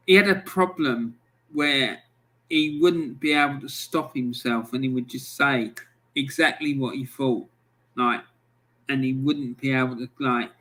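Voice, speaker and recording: A man's voice: mid-range voice, sharp tone. A man hosting a football livestream who reads out viewer comments and tells long, blunt anecdotes with plenty of swearing. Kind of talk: casual livestream chat.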